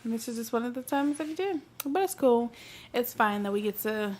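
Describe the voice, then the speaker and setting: A woman's voice: a little high, expressive, brisk, darkish tone. A woman in her thirties co-hosting a podcast with her husband, playful and giggly, rambling a little as she talks. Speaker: podcast co-host. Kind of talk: casual couple chat.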